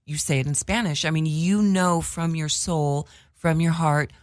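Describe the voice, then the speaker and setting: Talk show guest: woman, LA accent, deep-pitched, dry close sound, chatty storyteller. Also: a little slow, no room sound. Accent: Los Angeles. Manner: chatty, acts out quoted voices. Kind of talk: casual chat.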